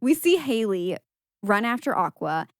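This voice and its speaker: A young woman co-hosting a podcast, casually recapping a movie with lively quoted voices and frequent laughter. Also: a little slow, no echo, clean studio sound. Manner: animated storytelling with high-pitched quoted voices and frequent laughs. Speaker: podcast co-host.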